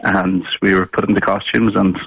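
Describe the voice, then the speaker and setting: Husky, flat-voiced man calling in. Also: deep voice, normal speed, no echo, muffled recording. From Ireland. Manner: laughs between phrases. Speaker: caller. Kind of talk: phone-in storytelling.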